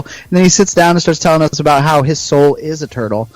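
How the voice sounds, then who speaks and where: A man's voice: a little high, fast talker, no room sound, rough recording. A young man co-hosting a podcast, telling a rowdy story in casual, profane chat. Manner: profane, animated storyteller who acts out voices. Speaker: podcast co-host.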